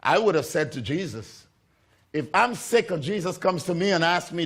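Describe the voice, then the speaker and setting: High-voiced male preacher telling a story. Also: expressive, moderate pace. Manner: storytelling preacher, repeats phrases, acts out voices of figures. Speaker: pastor. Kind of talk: sermon.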